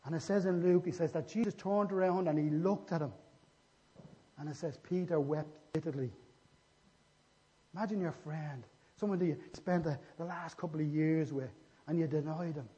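A man with a voice on the high side and a dark tone speaks at normal speed. Preaching a sermon, he retells stories from scripture and acts out what the characters say. The recording has an echoey hall and dull, lo-fi sound.

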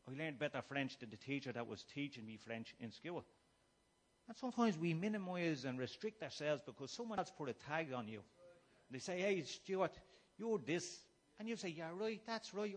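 A middle-aged Irish man giving a humorous personal testimony to a gathering, shifting between quiet musing and loud, acted-out shouting. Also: fairly high pitch. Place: room before a live gathering.

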